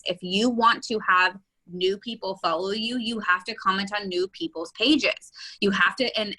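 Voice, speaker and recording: A woman's voice: medium pitch, bright, forceful tone, slightly rough, rough recording. A woman real estate agent and coach giving an enthusiastic, chatty webinar talk with many fillers.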